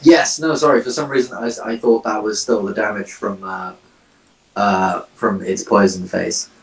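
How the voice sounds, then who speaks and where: Gravelly, lively male player in an echoey room. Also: fairly low pitch, moderate pace, recorded from a distance. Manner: expressive, swears and jokes freely. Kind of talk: casual tabletop play. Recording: echoey room, away from the mic.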